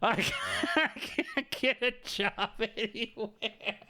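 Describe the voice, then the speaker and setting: A man voicing a pompous, plummy upper-class gentleman who can't hold down a job. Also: high voice, takes it slowly, exaggerated voice. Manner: pompous, plummy aristocratic drawl.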